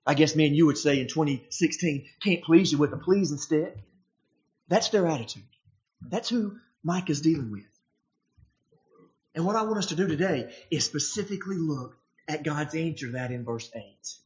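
A preacher delivering a sermon in a conversational way, full of restarts and lively shifts of pitch when acting out the voices in the text. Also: normal speed. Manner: animated, acts out the quoted voices in a higher pitch. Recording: dull lo-fi recording.

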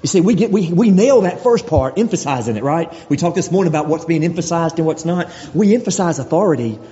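Male preacher, emphatic and repetitive, slightly high voice, long church-hall reverb. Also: expressive, quick pace, warm tone. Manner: rhetorical questions, emphatic repetition. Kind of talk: sermon. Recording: dull lo-fi audio with long reverb.

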